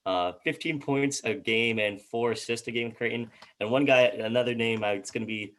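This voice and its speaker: A man's voice: mid-range voice, fairly quick, fairly bright tone. A man co-hosting a casual sports chat, reading out team records and stumbling over player names. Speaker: co-host.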